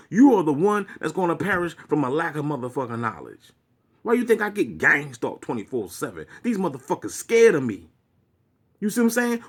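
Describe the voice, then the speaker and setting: Man, vlogger, preachy swearing rant, lively up-and-down voice, slightly high. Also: slightly rough. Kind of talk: profane monologue rant.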